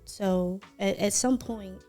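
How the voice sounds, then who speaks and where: A woman talking on a podcast in a measured, thoughtful way, pausing with ums as she shares. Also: medium pitch, warm tone, faint music behind. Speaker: podcast co-host. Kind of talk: casual reflective podcast chat.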